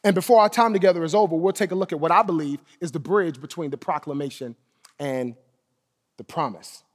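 High-voiced preacher in an echoing hall. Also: male voice, fairly quick. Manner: emphatic preaching, repeats key phrases, drops to soft low endings. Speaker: pastor. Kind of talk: sermon.

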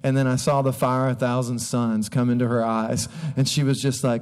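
A man's voice: medium pitch, level tone, moderate pace, hardly any pauses, a little mellow, smooth. A man in his thirties, a pastor, giving a casual, humorous sermon to a congregation, chatty and full of asides. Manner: chatty, joking, self-interrupting. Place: church stage before a congregation.

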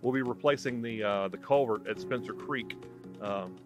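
A man's voice: mid-range voice, normal speed. A man, a city official, giving a plain project update with lots of fillers. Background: music.

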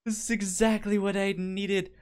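A man's voice: high-pitched, flat delivery, moderate pace, darkish tone, clean tone. A man co-hosting a podcast in casual chat, stammering often and laughing through his stories. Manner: stammering, laughs a lot while telling stories. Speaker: podcast co-host.

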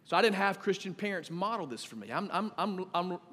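A man in his thirties preaching a sermon as pastor, conversational and animated, swinging between loud and quiet. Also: high-pitched, a little fast. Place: church sanctuary. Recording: long reverb of a church hall.

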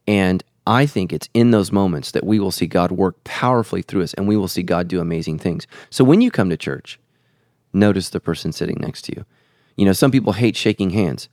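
A man's voice: low-pitched, brisk, darkish tone, dry recording, studio quality. A man who is a pastor and podcast host, teaching in an earnest, preacherly way and repeating phrases for emphasis.

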